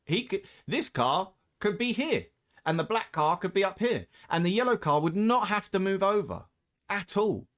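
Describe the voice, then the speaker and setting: A man's voice: sits high, lively intonation, normal speed, a bit bright. A man giving blunt, opinionated casual commentary as he reacts to racing clips, often ranting.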